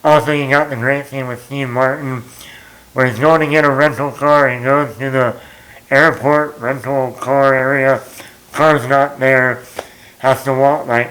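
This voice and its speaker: Slow-talking man recapping a movie. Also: mid-range voice, fairly bright tone, rough recording. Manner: rambling, retells scenes with quoted lines and chuckles. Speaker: movie talk show host.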